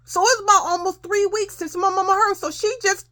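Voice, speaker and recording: A woman telling a childhood story in a casual, profane, animated way, often addressing listeners as y'all. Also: very high voice, a little fast.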